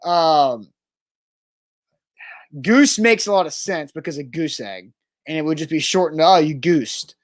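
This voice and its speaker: High-voiced man eagerly bantering over trivia. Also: expressive. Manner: eager, quick to guess and banter. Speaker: co-host of a trivia segment. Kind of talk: casual sports chat.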